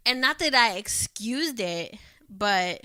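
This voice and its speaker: A woman's voice: mid-range voice, animated, slow, bright, forceful tone, no room sound. A woman co-hosting a podcast, talking candidly in casual chat, swearing freely and acting out what people said. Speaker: podcast co-host.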